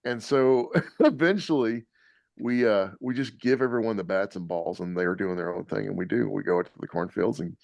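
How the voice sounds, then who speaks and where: A man casually telling lively anecdotes on a podcast, laughing often. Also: fairly low pitch, normal speed, gravelly, muffled recording. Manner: animated storyteller, laughs often. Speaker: podcast guest dad. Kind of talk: casual storytelling.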